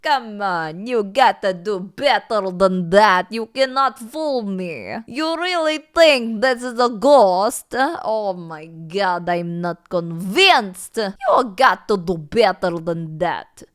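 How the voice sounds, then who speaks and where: A woman's voice: medium pitch, expressive, takes it slowly, few pauses, clear, resonant tone. A woman streamer reacting live to scary videos, swearing and pleading with the screen. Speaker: VTuber streamer.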